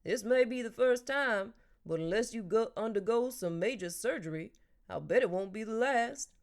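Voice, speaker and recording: A woman's voice: a little high, animated, moderate pace, pitched above the performer's own voice. A woman voicing a kindly, teasing older man and grandfather who jokes in a dry, storytelling way.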